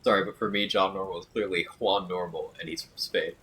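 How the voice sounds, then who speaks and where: A man's voice: sits low, steady tone, fairly quick, bright, forceful tone, slightly rough, rough recording. A man streaming a game, chatting casually and joking while reading viewer comments aloud. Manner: jokey, riffing and reading chat aloud. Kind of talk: casual chat with live chat.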